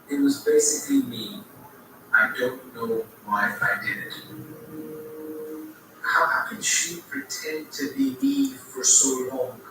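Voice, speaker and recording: A man giving documentary testimony, recounting events in a slow, measured way. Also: medium pitch. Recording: echoey distant TV audio with background noise.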